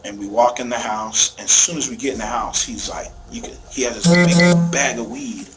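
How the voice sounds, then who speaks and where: A man retells an emotional story in an interview, animated and acting out the shouted words of others. The noisy recording has a clear hiss behind his voice. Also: mid-range voice, moderate pace. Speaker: father being interviewed.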